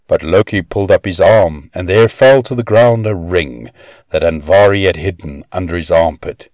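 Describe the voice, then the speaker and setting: A man reading old Norse myths aloud as a storybook narrator in a measured, expressive way. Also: low voice, no room sound.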